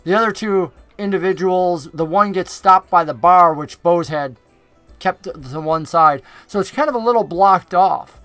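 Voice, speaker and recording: A man's voice: high-pitched, a little slow, fairly bright tone, no room sound, soft background music. A man narrating a tabletop game as game master, describing the scene in an easygoing way.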